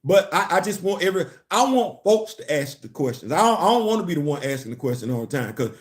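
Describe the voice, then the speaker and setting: With a slightly high voice and a quick pace, a commentary channel host runs a casual live comics stream. He's lively and laughs a lot, repeating words and pausing to greet and talk with his viewers.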